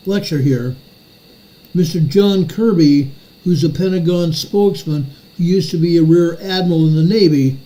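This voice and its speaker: A man's voice: fairly high pitch, mellow, poor audio. An older man hosting a commentary show, ranting furiously and repeating his phrases for emphasis. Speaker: show host.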